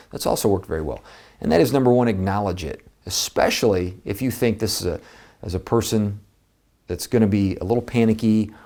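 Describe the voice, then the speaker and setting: Brief: male real estate coach, lower-pitched, emphatic and conversational delivery. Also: a little mellow. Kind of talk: coaching talk to camera.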